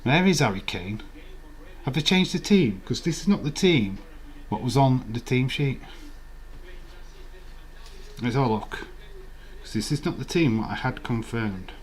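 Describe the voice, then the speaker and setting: A man's voice: mid-range voice, animated, measured pace, pauses often. A man hosting a live watch-along stream, rambling in casual, profane banter with his chat.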